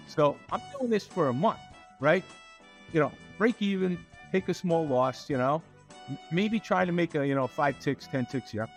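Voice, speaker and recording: Guy telling a story on a podcast, kinda high voice, acts out the quotes, faint music behind. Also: normal speed. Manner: animated, acts out quotes, many fillers and restarts. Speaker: company CEO, guest. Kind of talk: storytelling interview.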